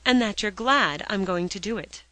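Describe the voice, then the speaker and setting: A woman's voice: mid-range voice, moderate pace, bright, forceful tone, dry recording, lightly acted. A woman voicing a proud, imperious young girl in a storybook reading. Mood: haughty. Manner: imperious, lofty.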